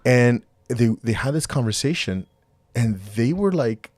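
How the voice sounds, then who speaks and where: A man's voice: medium pitch, animated, unhurried, darkish tone, no room sound. A man co-hosting a casual podcast, rambling with many restarts and acting out quoted dialogue. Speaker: podcast co-host.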